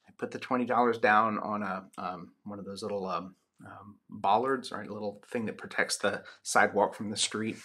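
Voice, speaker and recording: A man's voice: lowish voice, fairly even intonation, normal speed, bright, forceful tone, breathy edge. A man lecturing on sociology in a loose, chatty way, with many ums and restarts. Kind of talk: recorded lecture with personal anecdote.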